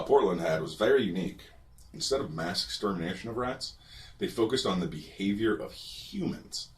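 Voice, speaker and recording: A man narrating a personal story with wry, dry humor, recorded a bit away from the mic. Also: low-pitched. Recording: distant from the mic.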